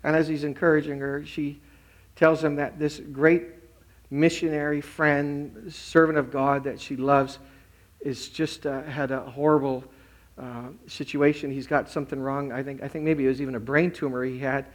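A man, a pastor, preaching a Christmas sermon and retelling stories with animated quoted voices. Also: a little high, moderate pace. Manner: animated storytelling, acting out quotes.

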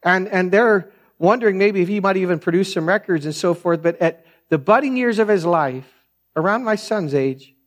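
A man's voice: high voice, moderate pace. A middle-aged man preaching a sermon as pastor, in a chatty, digressive way, often tossing in "man". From France.

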